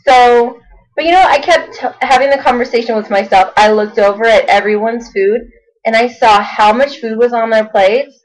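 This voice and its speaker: Young woman, casual video diary, chatty, rambling, fairly high voice. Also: moderate pace, rough recording. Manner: chatty, rambling, many fillers. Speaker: vlogger.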